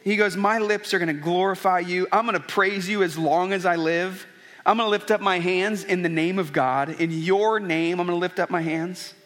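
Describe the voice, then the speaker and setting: A man's voice: high voice, steady tone, moderate pace, fairly bright tone, faint music behind. A man preaching a conversational, earnest sermon, often restarting his sentences. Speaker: pastor.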